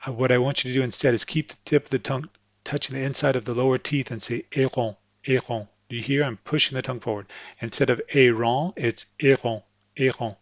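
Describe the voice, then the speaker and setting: With a steady voice at a typical middle pitch, a man patiently guides English speakers through French pronunciation by repeating words slowly to demonstrate every sound. The sound is close, dry, and slightly dull and lo-fi, with no room sound. He's giving instruction illustrated by spoken examples.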